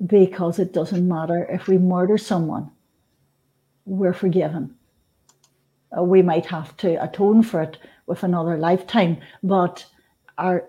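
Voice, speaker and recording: A woman in her fifties from Northern Ireland, a guest on an interview show, talking earnestly and gently with frequent restarts and soft laughs. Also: on the low side, husky. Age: 50s. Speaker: guest, spiritual author. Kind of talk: conversational interview.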